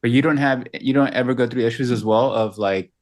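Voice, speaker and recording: A man's voice: mid-range voice, steady tone, fairly quick, a little mellow. Curious man asking questions. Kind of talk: casual live-stream chat.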